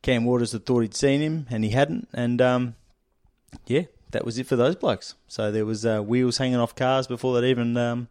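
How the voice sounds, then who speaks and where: A man with an Australian accent, talking casually as a podcast guest and filling pauses with ums. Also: mid-range voice, dry recording, studio quality. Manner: relaxed, lots of ums and uhs. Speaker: guest motorsport journalist.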